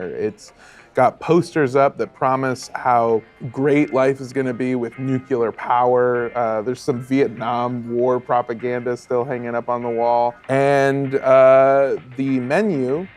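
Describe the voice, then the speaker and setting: A man's voice: mid-range voice, darkish tone. A man narrating as game master of a tabletop role-playing game, laughing often and putting on voices for side characters.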